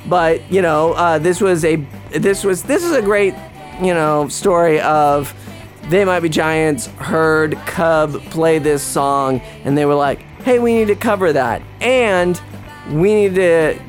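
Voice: mid-range voice, slow pace, faint music behind. A podcast host rambling casually about a movie, wry and full of restarts. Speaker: podcast host reviewing a film.

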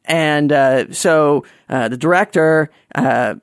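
A man's voice: slow, clean tone, no room sound, studio quality. Sarcastic man telling a comic anecdote. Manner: sarcastic, animated, swings between mumbled asides and high mock voices. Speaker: storyteller. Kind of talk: comedic personal anecdote.

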